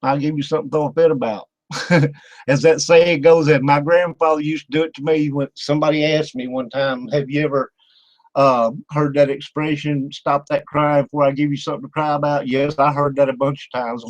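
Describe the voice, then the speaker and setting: A man's voice: a little high, little pitch movement, moderate pace, no echo, rough recording. Folksy older man with a drawl, dry sound. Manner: folksy, rambling, laughs often, many fillers. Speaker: radio show host. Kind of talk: casual talk-radio interview.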